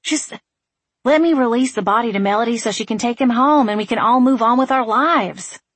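A woman voicing a determined, outspoken small-town young woman who argues in a forceful, insistent way. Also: on the high side, fairly quick, husky, dry recording, pitched above the performer's own voice. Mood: indignant.

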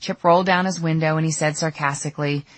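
A woman's voice: sits low, fairly even intonation, fast talker, no echo. A middle-aged woman narrating her own audiobook memoir in a candid, storytelling way. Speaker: author reading her memoir.

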